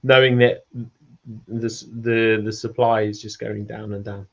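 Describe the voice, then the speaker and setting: A man's voice: lowish voice, flat delivery, measured pace, creaky, a bit bright, muffled recording. A British man hosting a casual online Q&A, chatty and rambling, laughing easily. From United Kingdom. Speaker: host of a community Q&A.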